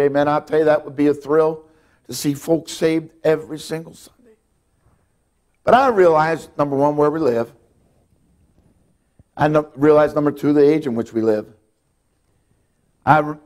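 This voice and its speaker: Fervent preaching man, higher-pitched voice. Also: a little mellow. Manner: storytelling, rising to fervent preaching with sung hymn lines. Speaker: pastor. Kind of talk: sermon. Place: church sanctuary.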